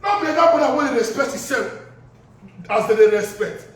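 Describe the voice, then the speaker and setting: Man ranting mad in nigerian pidgin, real high voice, sounds far off in a super echoey room. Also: expressive, normal speed. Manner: heated, insulting, rambling. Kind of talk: angry social media rant.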